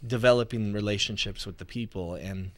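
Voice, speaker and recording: A man co-hosting a casual talk show, telling stories in a relaxed, easygoing way. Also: lowish voice, brisk, no room sound. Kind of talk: casual studio chat.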